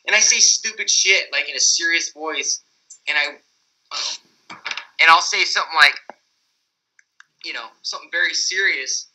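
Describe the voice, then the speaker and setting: A man's voice: a little high, bright, forceful tone, low-quality recording. A man chatting on a podcast about motocross, joking, rambling and swearing a lot. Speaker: podcast guest, freestyle motocross rider. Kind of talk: casual profane banter.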